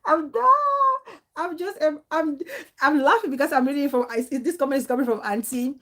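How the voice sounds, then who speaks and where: A woman's voice: sits high, brisk. A woman hosting a casual live talk show, chatting, laughing often and reading out viewer comments. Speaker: livestream talk show host.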